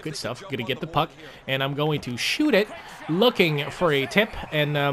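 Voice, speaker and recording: A young man casually commentating his own gameplay, swearing a lot and jumping from low mutters to loud outbursts. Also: noisy background. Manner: excitable, swears often, swings from mumbling to yelling. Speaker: gaming commentator.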